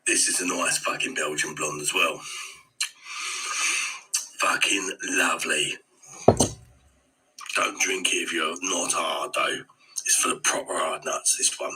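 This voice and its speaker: A man putting on a swaggering hard-man boozer who swears nonstop through a comic beer review. The voice is deep, harsh and raspy, pushed out with a hard, forceful edge. He drawls each brag slowly. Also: fairly even intonation, full character voice, poor audio.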